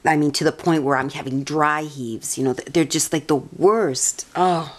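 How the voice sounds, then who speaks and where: A rambling, chatty woman with a notably low-pitched voice. She tells a personal story casually and keeps doubling back and restarting her sentences. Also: normal speed. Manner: meandering, chatty, many restarts. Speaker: vlogger.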